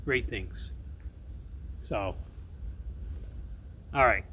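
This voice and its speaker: A man's voice: medium pitch, sing-song, unhurried, pauses often, noisy background. A middle-aged man filming an outdoor vlog in the woods, earnest and upbeat as he talks to viewers, with faint outdoor sound behind him. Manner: upbeat, earnest, often says folks. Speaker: outdoor vlogger. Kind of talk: casual talk to camera.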